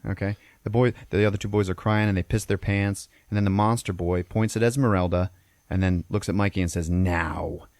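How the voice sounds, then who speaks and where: A man with a very low voice walks through a film plot casually, cursing freely and tagging lines with "okay?" and "all right?". The recording is dry and close. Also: steady tone, fairly quick, darkish tone, dry recording. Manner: profane, peppers lines with "okay?". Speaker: podcast host.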